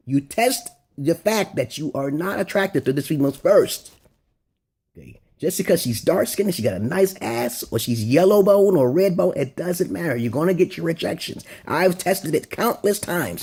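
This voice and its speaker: Male vlogger, husky, blunt and crude, loose off-the-cuff advice monologue. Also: fairly high pitch, lively intonation, normal speed, darkish tone. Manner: blunt, rambling and crude, with frequent "okay?" check-ins.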